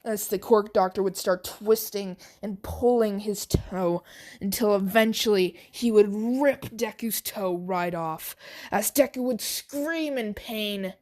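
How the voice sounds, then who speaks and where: A woman narrating an amateur fan story, stuttering with halting restarts. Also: medium pitch, a little mellow.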